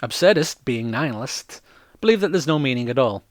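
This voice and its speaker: A man's voice: mid-range voice, animated, a little fast, no room sound. A man, a playwright, explaining a theatre style in a casual talk, dropping wry, dry jokes along the way.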